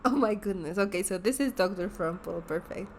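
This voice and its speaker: A woman streaming a game's first impressions, chatty and excitable, giggling often. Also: medium pitch, fairly quick, a little hiss or hum. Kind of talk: game first-impressions commentary. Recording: commentary over game music.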